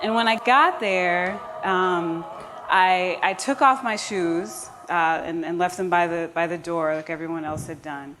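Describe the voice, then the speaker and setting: American woman storyteller, lowish voice, earnest with audience asides, live stage. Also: a little slow. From United States. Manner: earnest and warm-humored, with frequent restarts and asides to the audience.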